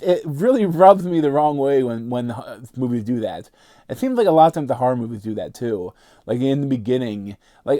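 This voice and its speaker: A man's voice: medium pitch, dark tone, no echo, studio quality. A man giving a casual, rambling movie review, full of filler words and restarts.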